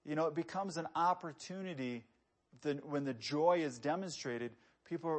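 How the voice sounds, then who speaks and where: A man's voice: a little high, normal speed. A man preaching a sermon, talking to the congregation in a conversational way, asking rhetorical questions and reading scripture with rising emphasis.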